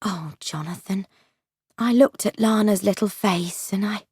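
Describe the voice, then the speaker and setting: A woman voicing a farm wife in an audiobook, speaking softly and gently. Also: fairly low pitch, very animated, slow pace, breathy edge, no echo, clean studio sound, exaggerated voice. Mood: gentle.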